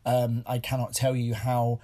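A man hosting a solo film podcast, speaking earnestly and haltingly with many fillers, audibly shaken and emotional. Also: mid-range voice, completely flat delivery, dark tone. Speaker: podcast host.

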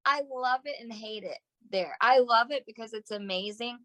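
A woman with a bright, fairly high voice joins a casual conversation, laughing easily and adding to the story. The sound is close and dry, with no room around it. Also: normal speed, no room sound. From Southern US. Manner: giggly, chiming in with laughter. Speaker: touring band musician, guest. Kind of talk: casual chat.

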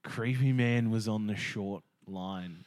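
A man's voice: lowish voice, slow pace, darkish tone, dry recording. A man co-hosting a podcast, telling crude jokey stories in casual chat. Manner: crude, joking storyteller.

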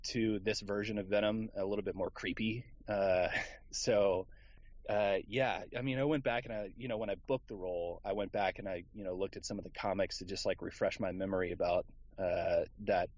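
A man's voice: sits low, no room sound, highs cut off. A man from Houston, Texas, a voice actor guest in a casual interview, talking in an easygoing, rambling way with plenty of fillers.

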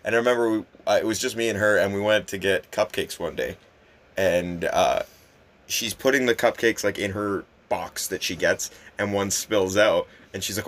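A man's voice: fairly low pitch, moderate pace, fairly bright tone. A man in casual comedic chat, telling crude anecdotes in an easygoing way.

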